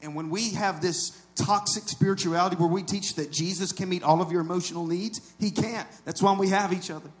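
Fairly quick and with hardly any pauses, this man preaches as a pastor, his intonation fairly even. He speaks conversationally to the congregation, alternating low asides with loud, shouted peaks.

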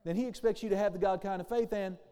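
A man's voice: high-pitched, steady tone, fast, mellow, clean tone, in a large hall. A man pastor preaching a sermon, calling for amens and acting out the voices he quotes.

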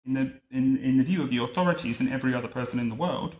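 A man's voice: mid-range voice, very fast, a little mellow. Man reading a storybook to a child, wry asides, roomy home recording. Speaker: reader to a child.

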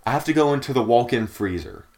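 A man's voice: mid-range voice, big pitch swings, quick pace, darkish tone. A young man co-hosting a podcast, telling a long story in casual chat with lots of fillers and restarts. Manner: rambling storyteller, many fillers. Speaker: podcast co-host.

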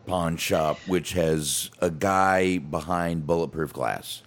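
A man's voice: sits low, slow, few pauses. A man co-hosting a podcast, chatting casually and swearing freely as he recaps a wrestling show. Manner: animated, laughing, swearing freely. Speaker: podcast co-host.

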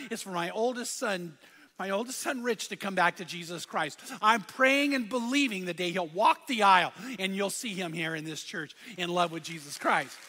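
Middle-aged pastor, high and bright tone, fervent repeating sermon delivery, long church reverb. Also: male voice. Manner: fervent preaching with repetition and call-and-response.

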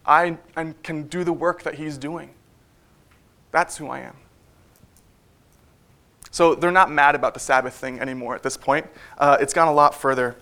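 Conversational man preaching, slightly high voice. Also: a bit bright. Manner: conversational, with frequent fillers and asides. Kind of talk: sermon. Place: church.

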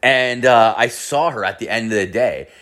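A man's voice: medium pitch, normal speed, a bit bright. A young man telling a crude, rambling story, full of swearing and "like". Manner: profane, rambling, heavy filler "like".

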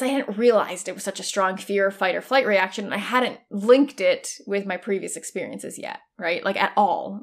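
Chatty woman with a gravelly edge. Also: mid-range voice. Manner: chatty, frequent "like" fillers, candid with swearing and laughs. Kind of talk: casual personal storytelling.

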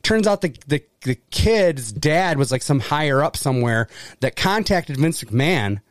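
A man's voice: on the high side, animated, measured pace, dry recording, clean studio sound. A man co-hosting a podcast, chatting casually and animatedly, swearing freely with lots of fillers. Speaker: podcast co-host. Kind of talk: casual chat.

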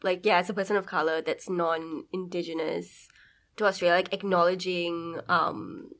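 Woman with kinda low voice in a casual group chat, agrees a lot, asks follow-ups. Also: fairly even intonation, moderate pace, a bit bright. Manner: agreeable, asks clarifying questions.

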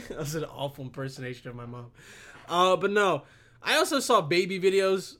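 Speaking briskly with a fairly high, animated and fairly bright voice, this young man vents profanely into a camera set on his computer. He's a vlogger who rambles on and swears nonstop.

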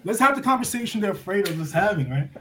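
A man from New York speaks in a high voice that leaps up and down in pitch. He preaches in long bursts and throws out rhetorical questions. His volume swings from loud to soft and back. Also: sing-song, fast. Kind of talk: impassioned monologue.

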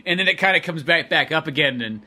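A man co-hosts a podcast in loose, rambling chat, piling on fillers as he circles his point. His voice is bright and sits a little high. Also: fast. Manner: rambling, full of filler words. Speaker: podcast co-host.

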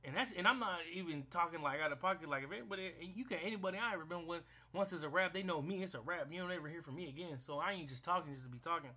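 A young man with a somewhat high voice rants in a casual, blunt way. He swears freely and often stumbles into restarts and repeated words. His delivery stays loose and conversational. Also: very fast, hardly any pauses, pushed and bright. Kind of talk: casual rant to camera.

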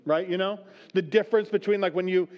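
A man's voice: sits high, fairly even intonation, fast talker, highs cut off. A man preaching a sermon as pastor, reading scripture aloud and then explaining it in a conversational way that keeps checking in with "right?". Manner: conversational, often asks the room "right?".

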